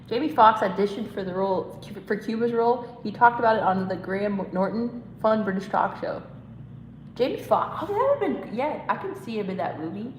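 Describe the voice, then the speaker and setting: A woman's voice: medium pitch, noisy background. Giggly woman in an echoey room. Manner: giggly, rambling, reads chat comments aloud. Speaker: live stream host reading chat. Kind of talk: casual watch-along chat.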